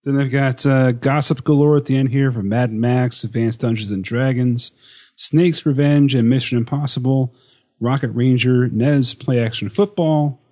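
A man's voice: mid-range voice, steady tone, moderate pace, warm tone. Guy w dry wry comments on a podcast, kinda muffled lo-fi sound. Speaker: podcast co-host. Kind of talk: casual chat.

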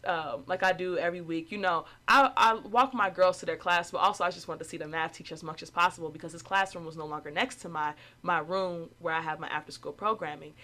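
A young woman who runs an after-school program, casually telling a story and acting out the quotes in a higher voice. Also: fast, hardly any pauses, pushed and bright.

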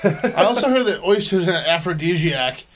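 A man's voice: high voice, animated, normal speed, slight background noise. A man on a casual podcast, joking crudely and riffing on absurd scenarios. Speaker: podcast co-host. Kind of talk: casual chat.

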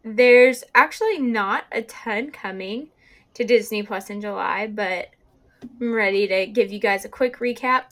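A young woman hosts a casual podcast, chatting her way through a list of upcoming releases with plenty of fillers. Her voice is medium in pitch, a little slow, and a bit bright.

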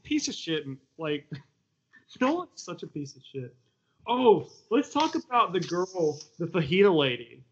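A man co-hosting a podcast, sardonic and swearing, quick to laugh in crude comedic banter. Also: sits high, sing-song, husky. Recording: dull lo-fi audio.

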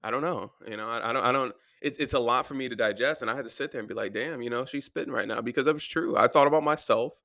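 A man's voice: mid-range voice, very fast, few pauses, pushed and bright, no echo. A young man venting in a rambling, profane personal monologue about his life. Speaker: vlogger.

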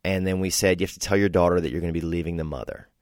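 A man's voice: sits low, rapid-fire, dry recording, clean studio sound. A young man from Louisiana, a comedian guest, chatting casually and telling rambling stories, sometimes doing voices for the people in them. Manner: rambling, storytelling, animated voices for quoted people. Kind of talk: casual podcast chat.

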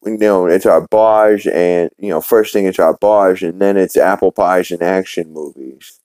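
A man voicing a dim, loud middle-aged cartoon dad, rambling in his own low voice. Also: steady tone, measured pace, clean tone, no room sound. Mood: goofy.

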